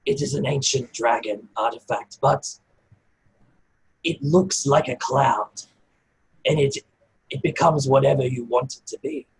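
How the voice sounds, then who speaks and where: A man's voice: medium pitch, unhurried, creaky, long pauses, husky, heavily acted, rough recording. A man voicing a small, cryptic, smug male goblin scholar.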